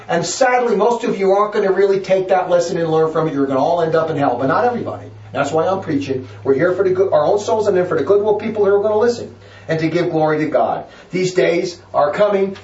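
A man's voice: high-pitched, darkish tone, echoey room, far from the mic, highs cut off. A man preaching a fiery, emphatic sermon, hammering his points with repetition.

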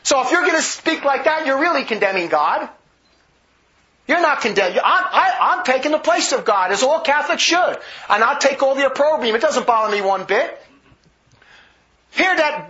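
A man's voice: very high voice, very animated, moderate pace, pushed and bright. A man giving a vehement, combative religious monologue with heavy emphasis, on a dull lo-fi recording. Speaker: religious commentator. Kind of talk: polemical monologue.

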